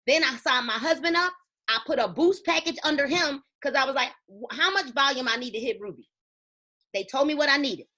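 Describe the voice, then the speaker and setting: Bright, emphatic woman giving a motivational talk. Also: high voice, a little fast. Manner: emphatic, preachy, storytelling with quoted dialogue. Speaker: network marketing team leader.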